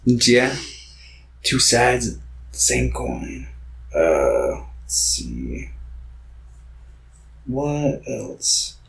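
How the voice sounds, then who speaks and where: A man's voice: medium pitch, sing-song, drawn-out words, gravelly, pauses often, fairly bright tone. A man co-hosting a podcast, chatting casually with a laid-back delivery, trailing off into fillers and asides. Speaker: podcast co-host. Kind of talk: casual chat about anime.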